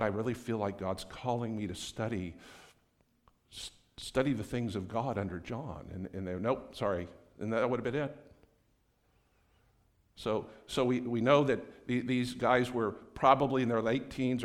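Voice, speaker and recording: A man preaching a sermon in a conversational way, acting out the people in the story and often restarting his sentences. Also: fairly low pitch. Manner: conversational, acts out quoted voices, many restarts. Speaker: pastor.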